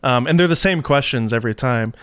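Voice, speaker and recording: A man with a smooth, resonant voice chats easily as a podcast guest. He talks over a video call, relaxed, laughing often and thinking out loud. The sound is dry and close. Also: mid-range voice, fast, dry recording. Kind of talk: casual chat.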